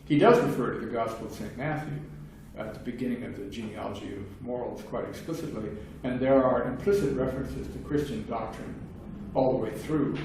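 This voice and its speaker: A man's voice: mid-range voice, fairly quick, few pauses, a little mellow. An older man speaks in a discursive academic manner, with many restarts and fillers. The recording is distant and heavily echoey. Faint background hiss sits under his voice. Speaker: philosophy lecturer. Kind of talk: seminar talk. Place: seminar room.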